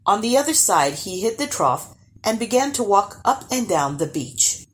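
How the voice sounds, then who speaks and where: A woman narrating a storybook aloud in an expressive, unhurried way. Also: deep voice.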